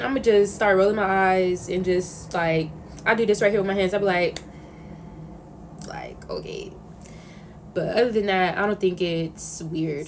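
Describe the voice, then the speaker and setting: Young woman vlogger, casual and animated storyteller. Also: mid-range voice, a little hiss or hum. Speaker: vlogger answering questions. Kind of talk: casual chat.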